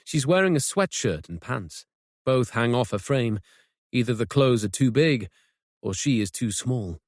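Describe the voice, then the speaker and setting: Male audiobook narrator, mid-range, measured and suspenseful, dry close studio sound. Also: medium pitch, animated, dry recording. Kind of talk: scripted narration.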